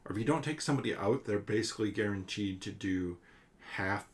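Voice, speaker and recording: A man's voice: fairly low pitch, brisk. A man hosting a solo board game playthrough, thinking aloud and counting out damage and cards. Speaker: board game channel host.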